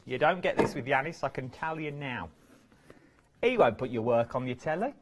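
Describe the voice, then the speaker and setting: Lively chatty man presenter. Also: mid-range voice, normal speed. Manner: chatty, playful, lively banter. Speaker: shopping channel presenter. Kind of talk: live TV sales chat. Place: TV studio.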